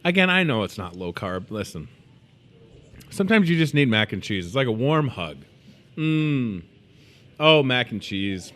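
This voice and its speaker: A man's voice: medium pitch, moderate pace. A man in his thirties hosting a store video show, chatting casually and joking while promoting food. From moved to Iowa as a student. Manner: playful, joking, animated.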